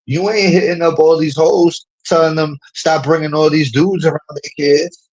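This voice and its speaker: Husky man ranting mockingly on stream. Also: on the high side, steady tone, normal speed, darkish tone, highs cut off. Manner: heated and mocking, laughs often; keeps saying "you know what I'm saying".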